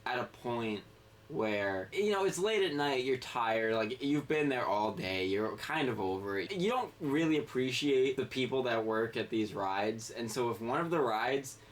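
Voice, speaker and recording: A game podcast co-host with a medium-pitched, animated voice spins a long anecdote at a moderate pace, rambling, swearing, and often breaking off mid-sentence in casual chat. The mic is distant, with faint background noise.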